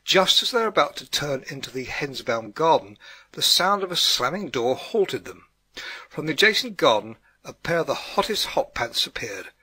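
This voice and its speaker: Husky, bright male audiobook narrator. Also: a little high, moderate pace, no echo. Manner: steady storytelling read. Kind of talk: scripted narration.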